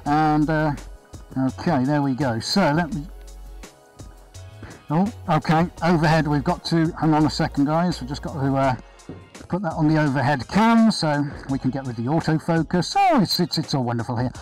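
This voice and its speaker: Man, live stream host, art studio, casual upbeat chat, fairly high voice, faint music behind. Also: normal speed, low-quality recording. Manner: chatty, upbeat, greets viewers by name. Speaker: artist hosting a live painting stream. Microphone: body-worn chest camera.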